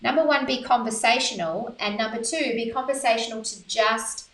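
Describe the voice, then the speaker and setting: Bright, upbeat woman. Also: fairly high pitch, moderate pace. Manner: upbeat and conversational, punchy asides. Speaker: business coach. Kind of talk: instructional talk to camera. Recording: roomy echo, mic held at a distance.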